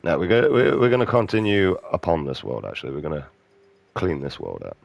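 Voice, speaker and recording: A man's voice: low voice, huge pitch swings, fairly quick, gravelly, no echo, muffled recording. A British man giving casual, profane, ranting commentary while playing a video game. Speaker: gaming streamer. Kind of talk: casual commentary over gameplay.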